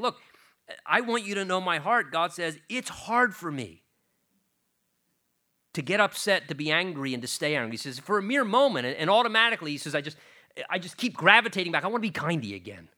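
A man's voice: a little high, pushed and bright. An older man, a grandfather, preaching an earnest sermon, swelling and dropping in volume to stress key words.

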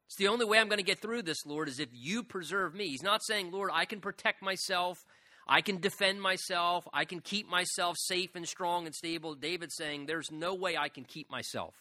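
A man's voice: on the high side, animated, moderate pace, sharp tone, dry recording. A man pastor preaching a sermon in a church, earnest and emphatic, voicing prayers with rising intensity. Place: church sanctuary.

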